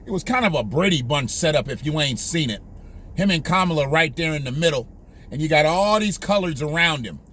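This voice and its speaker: A man's voice: fairly high pitch, lively intonation, a little fast, a bit bright, a little hiss or hum. A male host ranting in heated, profane, emphatic political commentary, repeating his points.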